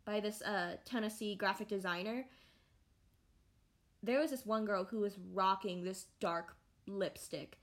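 A young adult woman hosting a casual podcast, talking in a rambling, animated way with many fillers and restarts. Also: medium pitch, a little slow. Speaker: podcast host. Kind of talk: casual solo podcast chat.

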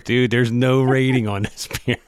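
A man's voice: mid-range voice, fairly even intonation, a little slow, clean tone, no room sound, studio quality. A man co-hosting a podcast in casual chat over beers, playful and teasing with a mock-fancy streak. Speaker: podcast co-host.

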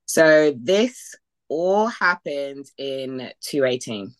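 Deep-voiced woman from the UK, guest on a podcast, chatty storyteller who mimics others' lines. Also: expressive, drawn-out words. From United Kingdom. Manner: retells past conversations in quoted voices, with frequent fillers and laughs. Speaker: podcast guest, bodybuilding athlete. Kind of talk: casual conversational storytelling.

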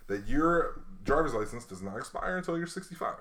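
A young man hosting a podcast, telling a story in loose, casual chat. He is sarcastic and laughs often, and he slips into other people's lines as he tells it. His voice sits at an ordinary middle pitch. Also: big pitch swings, brisk, fairly bright tone. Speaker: podcast host.

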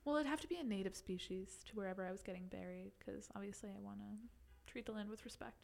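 A woman's voice: medium pitch, quick pace, vocal fry, a little mellow. A young woman co-hosting a casual chat podcast, rambling and giggly, reading a Reddit post aloud. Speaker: podcast co-host.

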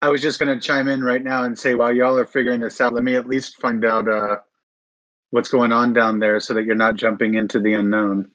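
A man's voice: mid-range voice, flat delivery, a little fast, fairly bright tone, dry recording. Hesitant man on a dull dry mic. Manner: hesitant, searching for words. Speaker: player. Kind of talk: casual tabletop game chat.

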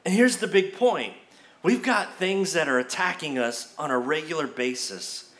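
A man's voice: lively intonation, moderate pace, a bit bright. A man preaching a sermon as pastor at a church service, talking in a conversational way with frequent restarts, and acting out the people he quotes. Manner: acts out quoted voices with rising pitch.

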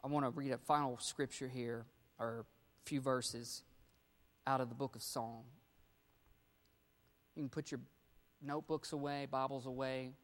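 A man preaching a sermon as pastor, rising to loud emphatic bursts and dropping to quiet, low endings. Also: fairly even intonation, a little slow, long pauses, long reverb tail.

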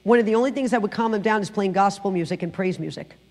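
A middle-aged woman tells her testimony from a church platform, acting out the voices in her story with animated energy. Her voice has an ordinary middle pitch and carries a long reverb tail from the hall. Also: fast. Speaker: guest speaker giving testimony. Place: church sanctuary.

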